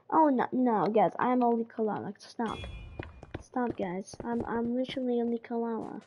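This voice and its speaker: High-voiced excitable woman game streamer. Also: moderate pace, slight background noise. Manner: excitable, rambling, stammers and repeats words. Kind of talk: casual live-stream chat.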